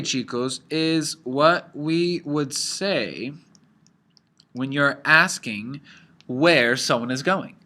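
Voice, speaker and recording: A man's voice: fairly high pitch, sharp tone. A man teaching a language lesson from slides, explaining patiently and mixing English with Spanish examples, with frequent fillers.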